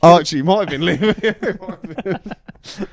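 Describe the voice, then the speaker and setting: A young man telling blunt, sweary stories with a deadpan edge in a casual chat among friends. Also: sits high, normal speed, no room sound, studio quality. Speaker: podcast co-host.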